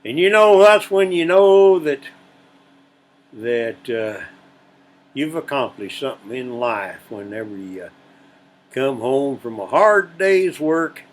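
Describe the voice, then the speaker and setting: Slow-drawling joke teller. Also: male voice, medium pitch, animated, a little hiss or hum, poor audio. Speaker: channel host telling jokes. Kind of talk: folksy joke-telling.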